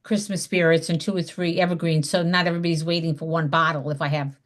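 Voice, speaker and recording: Speaking quickly in a low, level voice, this woman runs an online class as a direct sales mentor. She's chatty and emphatic, role-playing cheerful phone invites for her Zoom students over a video call mic.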